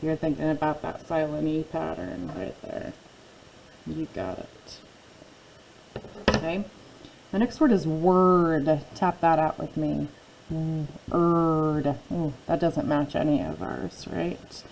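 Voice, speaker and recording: A woman teaching a phonics spelling lesson, speaking slowly and patiently, repeating each word and asking the listener questions. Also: low voice, gravelly, a little mellow, slight background noise, rough recording.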